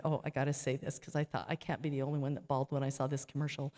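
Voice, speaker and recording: A woman's voice: low voice, fairly even intonation, a little fast, a little mellow. A middle-aged woman giving an informal, heartfelt church talk with frequent fillers, ending in a prayer. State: near tears while telling a story. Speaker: church speaker. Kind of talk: informal sermon closing with a prayer. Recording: long hall reverb.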